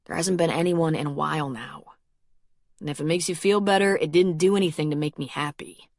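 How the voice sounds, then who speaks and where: A blunt, stubborn man stands his ground in a storybook scene, low and plain-spoken, as a woman narrator reads his part. The sound is dry and close, with no room around it. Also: brisk, darkish tone, dry recording. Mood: rueful. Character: earnest stubborn grown man, defending his new love. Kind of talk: audiobook character reading.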